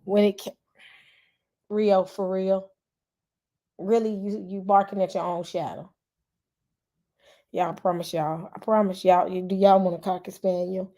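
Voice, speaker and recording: A woman's voice: medium pitch, unhurried, pauses often. A woman, chatting casually with her livestream viewers and greeting them by name. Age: 40s. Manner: chatty and animated, calls out to viewers, frequent "y'all". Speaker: YouTube channel host.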